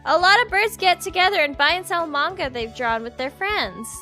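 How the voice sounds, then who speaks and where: Lady doing a shy polite bird boy, high and hesitant, faint music under it. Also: animated, normal speed, sharp tone, heavily acted. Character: shy, earnest young male bird classmate. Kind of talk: live-stream game read-aloud.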